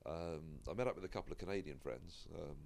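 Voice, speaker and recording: A British stand-up comedian now living in Michigan chats casually as a podcast guest, self-deprecating and laughing. His voice is rumbling low with vocal fry, a little mellow and fairly quick, with slight background noise.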